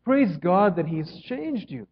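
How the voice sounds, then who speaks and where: A man preaching a sermon as pastor, earnest, moving between emphatic lines and hushed ones. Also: sits high, very animated, a little slow, slight background noise. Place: church sanctuary. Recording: dull sound with long reverb in a hall.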